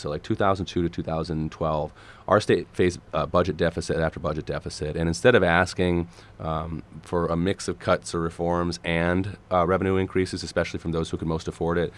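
A man in his thirties from Minnesota, speaking as a guest candidate on a radio interview, his voice gravelly and a little hoarse, earnest with many restarts. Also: low-pitched, fairly even intonation, a little fast. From Minnesota, USA. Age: 30s. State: gravelly, slightly hoarse today. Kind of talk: radio interview, policy talk.

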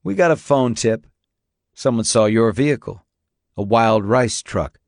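A man playing a federal agent who speaks in a measured, official way. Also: lowish voice, expressive, vocal fry, a little mellow, no echo, studio quality. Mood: guarded. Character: guarded male federal agent, cool and businesslike.

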